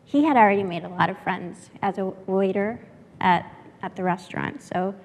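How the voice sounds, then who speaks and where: A woman from San Antonio, Texas, speaking at a workshop in a mid-range voice. She tells a personal story from the heart and pauses often with fillers. Her voice carries a long reverb from a lecture hall. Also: mid-range voice, a little hiss or hum.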